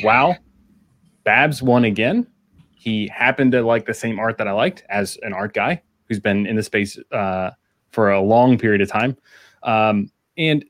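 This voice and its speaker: A man co-hosting a casual podcast, talking in halting starts with many fillers. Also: mid-range voice. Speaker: podcast co-host. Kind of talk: casual chat.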